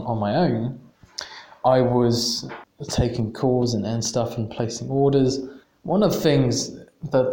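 Male podcast host, casual storytelling, stop-start delivery with self-repeats, mid pitch, echoey room. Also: dark tone. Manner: halting, repeats words, laughs at himself. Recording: roomy echo.

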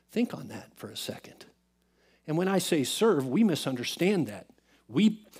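A man preaching a sermon as pastor, swinging from loud emphatic bursts to soft hushed asides. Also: fairly high pitch.

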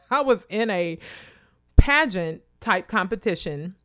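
A woman from Kansas telling a personal story in a casual, animated way, acting out other people's voices. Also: slow, no room sound, clean studio sound. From Wichita, Kansas, USA. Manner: animated, acts out quoted voices in a high pitch; addresses listeners directly and casually.

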